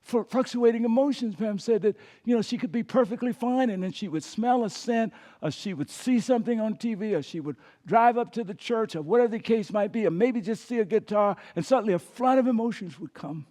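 A man preaching a sermon as pastor, calling on the congregation to repeat words, swinging between emphatic and hushed delivery. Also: sits high, a little fast, few pauses. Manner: preaching with call-and-response prompts to the congregation.

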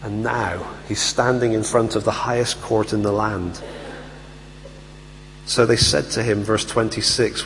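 A man preaches a sermon, telling the story lively and performing the voices of its characters. His voice is mid-range and his pace moderate. The recording carries hall reverb and a faint hum.

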